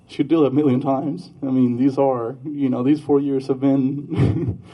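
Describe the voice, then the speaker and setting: Halting, husky man speaking at a memorial, muffled lo-fi recording. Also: mid-range voice, steady tone. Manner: halting, with fillers and soft laughs. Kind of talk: heartfelt memorial speech. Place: Iowa.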